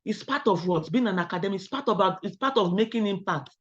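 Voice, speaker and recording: Nigerian lady giving a webinar talk, keeps asking the audience questions, mid-pitched voice, kinda muffled online call audio. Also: fast, slightly rough. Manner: repeated rhetorical questions to the audience; lively personal storytelling. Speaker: academic webinar speaker. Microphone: video call.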